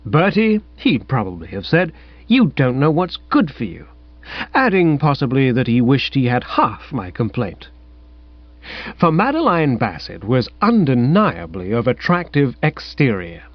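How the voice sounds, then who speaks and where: Man, comic narration, wry and airy, lively pitch, dull dry recording. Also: dry recording. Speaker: audiobook narrator. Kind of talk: comic first-person narration.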